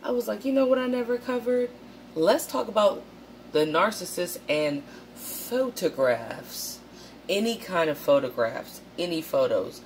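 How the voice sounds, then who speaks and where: A woman's voice: on the low side, expressive, a little slow, slight background noise. A woman hosting a casual vlog, talking straight to her viewers. She is blunt and swears a lot, and she acts out quotes in a raised voice. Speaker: channel host.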